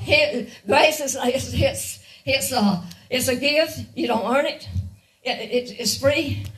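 A woman's voice: sits high, slow pace, a bit bright, distant mic, rough recording. A woman giving a guest sermon, earnest and repetitive, often laughing lightly between her points. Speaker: guest speaker.

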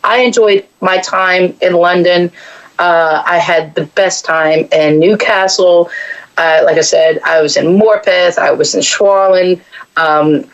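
A woman's voice: fairly low pitch, steady tone, slow, muffled recording. A woman from Texas with a Texan accent, a podcast guest telling rambling, chatty travel stories with many restarts. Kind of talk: casual podcast chat.

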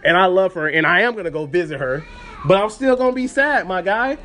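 A man's voice: sits high, lively intonation, a little fast, bright, forceful tone. A man hosting a podcast, telling a story as a casual, rambling rant full of fillers and restarts. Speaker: podcast host.

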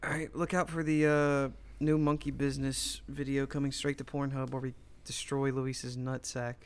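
A man's voice: mid-range voice, little pitch movement, normal speed, clean tone. A young man co-hosting a casual podcast, rambling through crude stories with a lot of "like" and frequent laughing. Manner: rambling storytelling, lots of "like", bursts of laughter. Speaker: podcast co-host.

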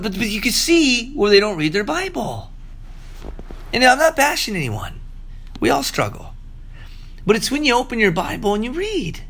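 A man preaching a sermon, telling stories with big swings between loud excitement and hushed, low moments. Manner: animated storytelling preacher, swinging from loud highs to hushed lows. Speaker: pastor.

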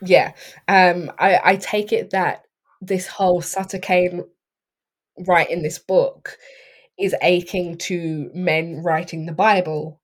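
A woman casually discussing a horror film, chatty, laughing often and filling pauses with ums. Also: lowish voice, steady tone. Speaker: podcast co-host.

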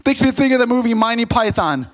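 Man, pastor, sermon, high voice, storytelling, emphatic. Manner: storytelling, rising to loud emphatic exhortation.

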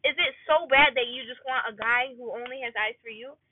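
A woman's voice: on the high side, a little fast, dry recording. A young woman who works in a hospital and wants to become a doctor, venting in a rambling, indignant way full of "like". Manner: rambling, filler-heavy with constant "like", indignant. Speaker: aspiring doctor working in a hospital. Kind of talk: casual venting monologue. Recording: tinny phone-like sound.

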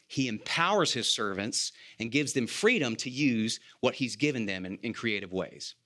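A man's voice: mid-range voice, animated, moderate pace, a bit bright. A man, an elder candidate, preaching a sermon in an earnest, conversational way, asking rhetorical questions, repeating key phrases and making a self-deprecating joke now and then.

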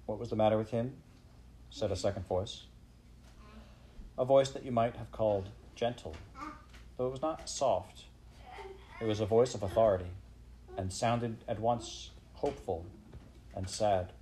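A man reads a story aloud in a measured, unhurried way. His voice is low and dark, with a mellow warmth. A faint hiss sits under the reading. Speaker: audiobook reader. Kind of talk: unhurried scripted narration.

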